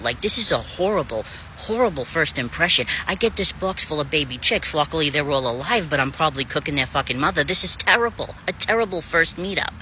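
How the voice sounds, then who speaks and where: A man telling stories in a casual vlog, chatty and profane and quick to laugh. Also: medium pitch, pushed and bright, a little hiss or hum. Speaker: vlogger.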